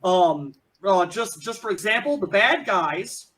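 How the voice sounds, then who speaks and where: A man's voice: high voice, lively intonation, fairly bright tone. A man running a tabletop game as game master, restarting his sentences often. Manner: restarts often, rapid asides.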